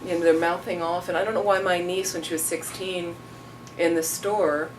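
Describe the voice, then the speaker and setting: A woman teacher answering questions from her audience, rambling into stories and acting out what people said. Her voice sits a little low. She is heard from a distance over clear background noise. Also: steady tone, normal speed. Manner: rambling, storytelling, acts out quotes. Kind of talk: casual dharma talk. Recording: distant mic, noisy room.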